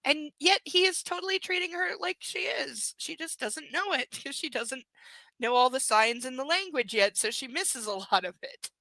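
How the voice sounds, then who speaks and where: A woman's voice: high-pitched, lively intonation, moderate pace, gravelly, pushed and bright, no echo. A woman reading a novel aloud live, breaking off for sarcastic, incredulous commentary. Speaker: book reader and commentator.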